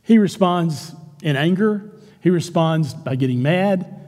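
Pastor, male, lively preacher who acts out quoted lines, mellow tone, church hall echo. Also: a little high, unhurried. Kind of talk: sermon. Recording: long hall reverb.

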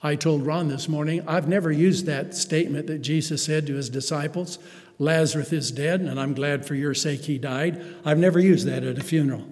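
A man's voice: on the high side, moderate pace, darkish tone. A man delivering a sermon as pastor, building emphasis with rhetorical questions and calling the congregation beloved. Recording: long reverb of a hall.

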